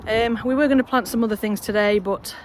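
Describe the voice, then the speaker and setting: A woman's voice: fairly high pitch, steady tone, fairly quick. A woman chatting casually in a gardening vlog from her allotment, rambling and cheering herself on. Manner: chatty, rambling, self-encouraging. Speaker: allotment vlogger. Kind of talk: casual outdoor vlog chat. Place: windy allotment outdoors. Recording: outdoor wind and traffic noise.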